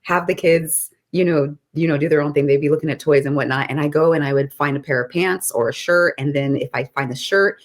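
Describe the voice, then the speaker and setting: A middle-aged woman co-hosting a podcast, telling a story in a casual, animated way and often laughing. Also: deep voice, fairly quick, hardly any pauses. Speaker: podcast co-host.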